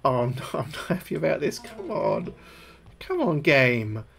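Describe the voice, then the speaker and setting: A man streaming a horror game live, excitable and swearing, yelping when he gets scared. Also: fairly high pitch, a little slow, creaky. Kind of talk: live gameplay commentary.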